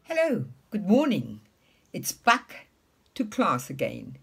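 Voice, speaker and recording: A woman teaching English to young children in a slow, sing-song way, talking to a puppet pupil. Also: fairly low pitch, wildly swooping pitch, vocal fry, breathy edge, soft background music.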